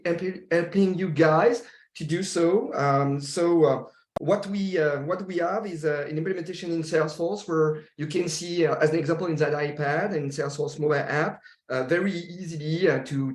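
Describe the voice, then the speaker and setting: A man from France with a French accent presenting a product demo on a video call, talking haltingly with many fillers and restarts. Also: a little high, echoey room. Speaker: company founder presenting a demo.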